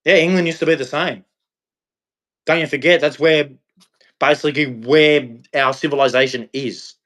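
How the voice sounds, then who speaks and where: A man's voice: fairly high pitch, fairly even intonation, normal speed, a bit bright. An Australian man ranting on a livestream in a blunt, scolding, preachy way. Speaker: livestream host. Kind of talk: livestream rant.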